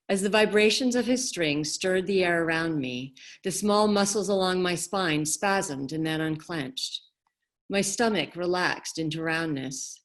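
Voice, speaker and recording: A woman author reading her novel aloud in a measured, expressive way over a video call. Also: lowish voice.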